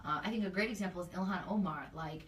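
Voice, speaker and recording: A woman's voice: fairly low pitch, fast, recorded from a distance, slight background noise. A woman community organizer in a casual interview, speaking earnestly and loosely with lots of fillers. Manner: earnest, talks freely with many fillers. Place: indoor room, livestream. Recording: echoey room, off-mic.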